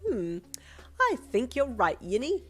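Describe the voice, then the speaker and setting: A woman voicing a bubbly, loud teenage girl who squeals with excitement, in a storybook reading. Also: on the high side, a little fast, faint music behind, pitched above the performer's own voice. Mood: excited.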